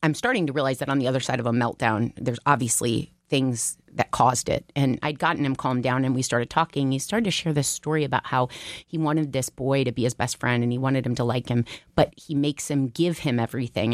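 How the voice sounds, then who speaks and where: A woman's voice: a bass voice, a little fast, no echo, studio quality. A woman in her forties, a talk show co-host, chatting casually and telling stories with lots of feeling. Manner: emotional, animated storyteller with laughs. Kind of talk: casual podcast chat.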